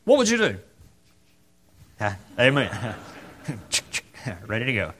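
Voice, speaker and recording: A man's voice: medium pitch, wildly swooping pitch, takes it slowly, a bit bright. A man preaching a sermon in a church, conversational and full of rhetorical questions, acting out the voices of the people in the story.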